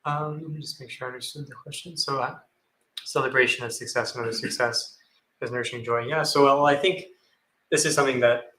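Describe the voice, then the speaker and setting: A man's voice: mid-range voice, fairly even intonation, a little fast, bright, forceful tone, roomy sound, a little hiss or hum, rough recording. A male monastic on a panel, answering a question thoughtfully and acting out little inner voices as examples. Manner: thoughtful, repeats phrases, acts out inner voices. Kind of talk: dharma talk answering a question.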